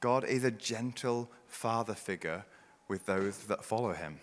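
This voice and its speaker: A man preaching a sermon as pastor, building to loud, forceful passages and then dropping to a hushed near-whisper. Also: fairly low pitch, measured pace, in a large hall. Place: church.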